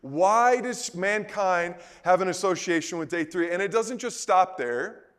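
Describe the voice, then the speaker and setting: High-voiced animated male preacher. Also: a little slow, clean tone. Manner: animated, rhetorical questions, swings between soft and loud; conversational, repeats words. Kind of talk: sermon.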